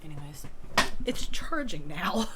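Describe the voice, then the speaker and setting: A woman with a low voice runs a tabletop game over a home mic. She narrates casually and swears freely. A faint hiss lies under her voice. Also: big pitch swings, measured pace. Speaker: game master.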